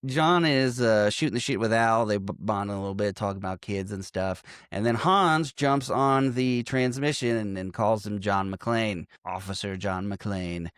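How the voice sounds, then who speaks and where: A man's voice: fairly low pitch, unhurried, hardly any pauses, fairly bright tone, clear, resonant tone, dry recording, studio quality. A man co-hosting a casual movie-review podcast, swearing freely, laughing often and acting out quoted lines. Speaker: podcast co-host.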